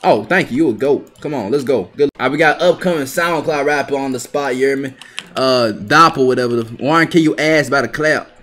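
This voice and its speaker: A young man giving live gameplay commentary, trash-talking his opponents with heavy profanity and sudden bursts of yelling. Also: medium pitch, a little fast. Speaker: gaming video creator.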